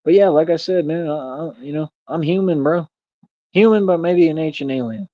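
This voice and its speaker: A man's voice: a little high, brisk, warm tone, no room sound. A young man rambling in a casual livestream, preachy and repetitive, calling the listener "man" and "bro". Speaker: streamer. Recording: dull, dry lo-fi stream audio.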